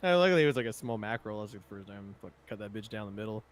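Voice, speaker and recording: A man's voice: on the low side, lively intonation, very fast. A young man telling rambling, profane stories in a casual chat among friends. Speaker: podcast co-host.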